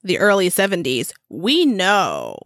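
A woman's voice: on the low side, wildly swooping pitch, measured pace, a bit bright, no room sound, studio quality. Wry woman co-hosting a podcast. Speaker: podcast co-host. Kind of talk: casual true-crime chat.

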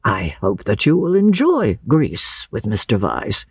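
A woman voicing a gentle, weary old man who speaks slowly and in a low hush. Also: wildly swooping pitch, husky, dry recording, studio quality, exaggerated voice. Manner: slow, soft, low and hushed.

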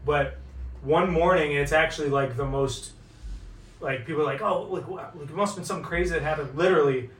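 A man from northeast Ohio co-hosting a podcast, telling stories in a lively way and swearing freely. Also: on the high side, fast talker. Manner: animated storyteller, swears freely. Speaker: podcast co-host. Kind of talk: casual podcast chat. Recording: roomy, distant mic.

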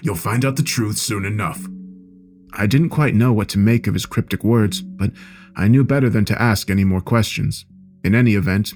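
A man giving a measured, dark horror story narration. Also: lowish voice.

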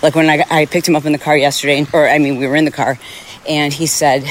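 A woman's voice: deep voice, flat delivery, fast talker, slight background noise. A middle-aged woman hosting a solo podcast outdoors, talking in a candid, rambling and emphatic way. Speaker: podcast host. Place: outdoors on a rainy ocean sidewalk.

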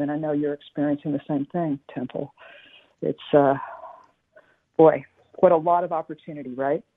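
Middle-aged woman guest, earnest halting storyteller, phone-line sound. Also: on the low side, breathy edge. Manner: earnest, halting, many restarts and fillers. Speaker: spiritual teacher guest. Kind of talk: casual storytelling on a radio talk show.

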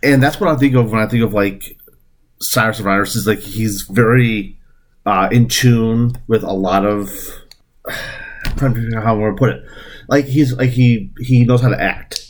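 Halting man, podcast guest. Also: fairly low pitch. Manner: halting, searching for words. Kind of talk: casual chat.

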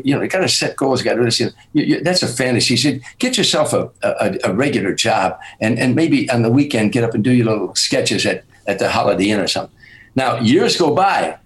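A man's voice: fairly low pitch, rough recording. Older man spinning comic stories. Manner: animated storyteller, acts out quoted people. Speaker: comedian guest. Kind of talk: casual storytelling chat.

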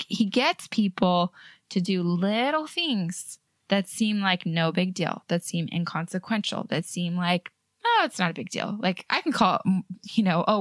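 A woman hosting a podcast who talks earnestly and chattily, her voice sitting on the lower side. The sound is dry and close, with no room around it. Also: fairly bright tone, no room sound. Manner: earnest, chatty, with light laughs. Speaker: podcast host. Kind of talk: casual faith podcast chat.

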